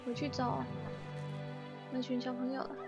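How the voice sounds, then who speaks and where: A woman's voice: high voice, level tone, normal speed, highs cut off. Wry woman streamer over game music. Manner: wry, unimpressed. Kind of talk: casual gameplay commentary.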